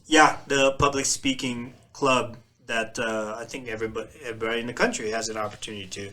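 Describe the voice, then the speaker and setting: A man's voice: mid-range voice, fast talker. A man in his forties from the Philippines, with a slight Filipino accent, co-hosting a casual podcast and telling stories with frequent laughter. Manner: laughs often, animated storytelling. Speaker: podcast co-host.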